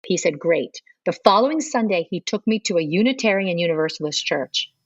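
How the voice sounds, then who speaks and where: A woman's voice: lowish voice, expressive, a little fast, breathy edge, dry recording, highs cut off. A middle-aged woman, a podcast guest, telling her conversion story in earnest and acting out remembered dialogue. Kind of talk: personal storytelling interview.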